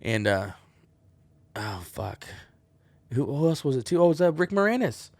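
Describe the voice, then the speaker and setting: A man's voice: medium pitch, big pitch swings, measured pace, a little mellow, no room sound. A man hosting a solo podcast, rambling and wisecracking with plenty of swearing. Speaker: podcast host.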